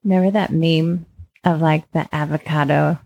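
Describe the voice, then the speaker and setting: Low gravelly woman podcast co-host. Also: fairly even intonation, normal speed, darkish tone, no room sound, muffled recording. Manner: playful, joking asides. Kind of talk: casual podcast chat.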